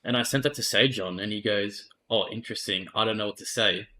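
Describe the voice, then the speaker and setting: A man's voice: lowish voice, fairly quick, bright, forceful tone. An Australian man, an esports player, candidly retelling events in a casual interview and swearing freely.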